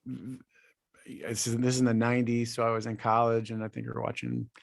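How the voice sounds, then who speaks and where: A man in his forties co-hosting a podcast in casual chat, halting and often repeating his words. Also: medium pitch, monotone, gravelly, dry recording, studio quality. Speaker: podcast co-host.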